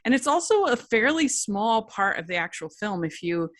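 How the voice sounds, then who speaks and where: A woman hosts a review podcast, casually chatting through her critique with many restarts and lots of "like" as she reasons it out. Her medium-pitched, fairly bright voice has big pitch swings and a normal speed. The recording is dry and studio quality.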